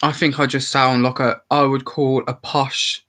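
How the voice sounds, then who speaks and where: A man's voice: medium pitch, little pitch movement, a little slow, sharp tone, poor audio. A man in his twenties from the Worcestershire area with a light Birmingham accent, chatting casually to camera, opinionated and swearing freely. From England, Worcestershire area. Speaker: channel host.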